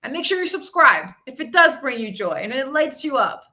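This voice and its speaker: A woman's voice: sits high, sing-song, brisk, pushed and bright. A woman fitness and mindset coach hosting a live podcast session, chatty and upbeat, talking to viewers and reading their comments. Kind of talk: live-streamed motivational talk.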